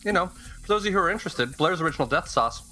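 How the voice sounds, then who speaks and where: A man's voice: fairly high pitch, expressive, racing, bright, forceful tone, poor audio. A man co-hosting a podcast, chatting with enthusiasm about a hot sauce and a comic. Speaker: podcast co-host. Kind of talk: casual chat.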